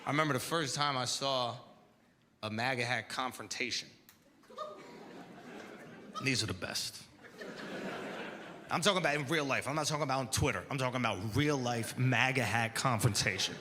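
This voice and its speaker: A male stand-up comedian starting a story in a low-key, building way. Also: normal speed, pauses often. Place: comedy club stage. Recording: live club recording with crowd noise.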